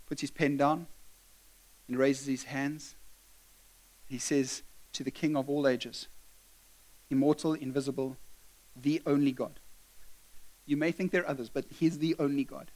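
A man's voice: fairly high pitch, fairly even intonation, moderate pace, pauses often. Man preaching a chatty sermon. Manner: conversational, asks the congregation questions. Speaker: pastor.

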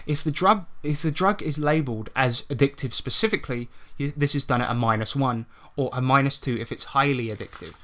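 A man's voice: medium pitch, fairly quick, hardly any pauses, a bit bright. A man co-hosting a podcast in a casual chat, explaining tabletop game rules step by step and swearing freely.

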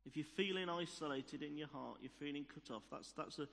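Male preacher, slightly high-pitched, storytelling sermon in a reverberant church hall. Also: a little fast, creaky, fairly bright tone. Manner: storytelling, repeats key phrases for emphasis.

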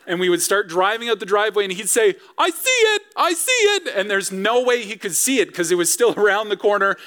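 Conversational pastor preaching a sermon. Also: male voice, sits high, fast talker, a bit bright. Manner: conversational, asks the congregation rhetorical questions. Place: church sanctuary.

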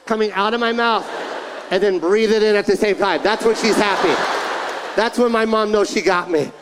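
A male stand-up comedian telling a story with an animated, punchy delivery. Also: sits high, normal speed, noisy background.

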